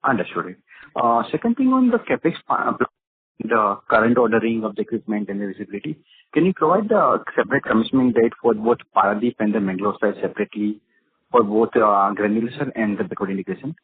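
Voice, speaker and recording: A male analyst asking questions on an earnings call, halting with many fillers and uneven loudness, heard over a muffled phone line with background noise. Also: lowish voice, animated, husky, dry recording.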